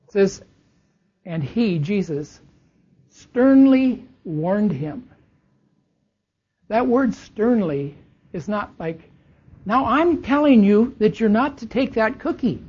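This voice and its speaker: Slow, husky-voiced preacher. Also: mid-range voice, mellow. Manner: slow, deliberate Bible teaching, lingering on key words. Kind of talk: sermon. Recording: dull lo-fi recording.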